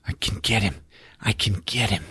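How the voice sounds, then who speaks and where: A man voicing a scared boy who mutters nervously to himself in a hushed voice. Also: on the low side, moderate pace, slightly rough, no room sound, studio quality, full character voice.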